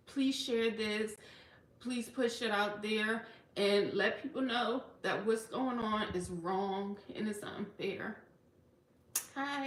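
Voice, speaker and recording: A woman's voice: mid-range voice, fairly bright tone. A woman from Washington DC, a federal worker, talking earnestly in a personal livestream and often saying "okay" and "you know". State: tearful at times. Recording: echoey room.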